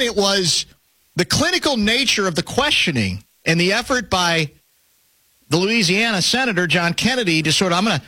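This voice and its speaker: Animated male talk radio host. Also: high voice, no echo. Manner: animated, rambling, self-interrupting.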